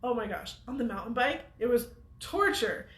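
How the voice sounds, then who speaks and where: A woman's voice: on the high side, animated, normal speed, reverberant. A woman hosting a weekly show, telling a story to viewers in a chatty way and laughing often. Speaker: host of a weekly off-road show.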